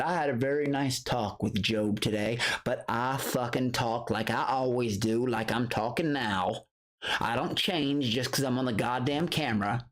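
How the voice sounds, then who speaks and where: A middle-aged man talking on a late-night livestream, blunt and profane, circling back over the same points as he rants. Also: medium pitch. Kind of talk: casual late-night stream rant.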